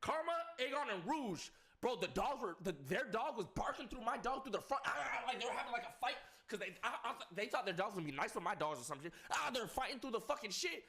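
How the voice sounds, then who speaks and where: A young man telling a chaotic personal story to viewers, swearing often and swinging between low recounting and laughing outbursts. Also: lively intonation, fast talker, creaky, few pauses, bright, forceful tone. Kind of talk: animated storytelling with heavy swearing.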